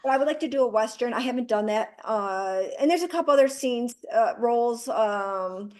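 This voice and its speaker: A woman in her forties, a guest actress, chatting in an interview in a direct, animated way. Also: on the high side, moderate pace. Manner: direct, animated storyteller who acts out quoted dialogue. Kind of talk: casual interview chat.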